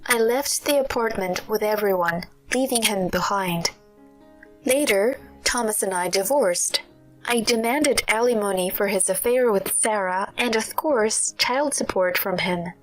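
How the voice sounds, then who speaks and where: A woman's voice: medium pitch, measured pace, poor audio. Woman narrating a story over music. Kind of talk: scripted narration.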